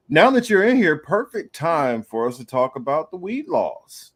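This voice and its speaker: A man's voice: mid-range voice, sing-song. Easygoing man hosting a podcast. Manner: laughs easily, halting with fillers. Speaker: podcast host. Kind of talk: casual chat.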